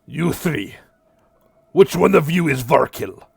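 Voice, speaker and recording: A man's voice: on the high side, lively intonation, gravelly, a little mellow, heavily acted. A man doing a spiky little creature in broken English. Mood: deliberate. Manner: broken English, slow and deliberate. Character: small spiky muscular male creature messenger, cheerful.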